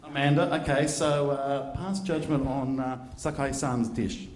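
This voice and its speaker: A man's voice: mid-range voice, fairly even intonation, measured pace, a little hiss or hum. A man hosting a live event, teasing and bantering with guests and audience. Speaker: event host. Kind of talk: emceeing a live audience show. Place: event function room. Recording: echoey event hall.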